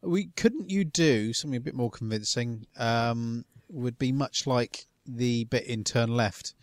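A man's voice: medium pitch, measured pace, dry recording, studio quality. A man co-hosting a podcast, chatting casually, often with short agreeing remarks. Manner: mostly brief agreeing interjections, relaxed. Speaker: podcast co-host.

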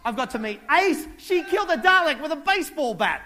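A man telling a comic story on stage, animated, acting out other people and voices as he goes. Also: very high-pitched, a little fast, background noise. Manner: animated, acts out characters and voices. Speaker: stand-up comedian. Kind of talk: stand-up comedy storytelling.

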